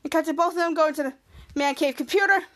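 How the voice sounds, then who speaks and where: A woman hosting a podcast, casually recapping a TV episode in a halting way, often restarting and repeating words. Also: high voice, a bit bright. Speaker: podcast host.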